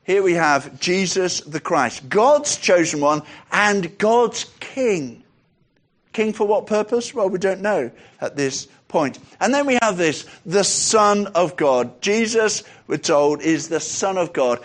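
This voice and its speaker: A man with a high voice preaches a sermon. He is emphatic and poses rhetorical questions, drawing out the key phrases slowly. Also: expressive.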